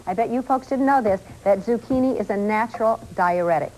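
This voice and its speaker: A woman's voice: on the high side, fairly quick, darkish tone, a little hiss or hum, low-quality recording. A woman hosting a cooking show, bubbly and chatty, laughing often and adding food facts. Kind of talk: casual cooking chat.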